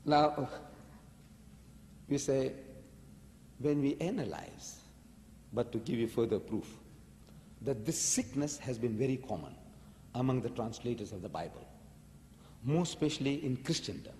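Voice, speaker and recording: A man's voice: medium pitch, expressive, unhurried, long pauses, a little mellow, long reverb tail, a little hiss or hum. A man giving a religious lecture, arguing emphatically with rhetorical questions. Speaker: preacher.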